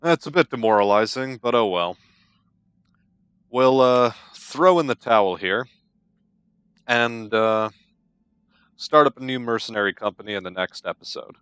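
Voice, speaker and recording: A man's voice: mid-range voice, a little slow, long pauses, fairly bright tone, clean tone, dry recording, highs cut off. A young man giving casual let's-play commentary on a strategy game, with dry, wry understatement.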